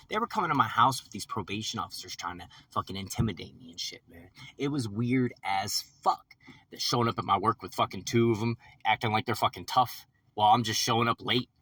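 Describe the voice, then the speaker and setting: A man's voice: fairly low pitch, sharp tone, slightly rough, dry recording. Agitated, profane man ranting. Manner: agitated, profane, repetitive storytelling. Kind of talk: rambling vlog rant. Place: in a vehicle after work. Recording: distant mic with faint vehicle noise.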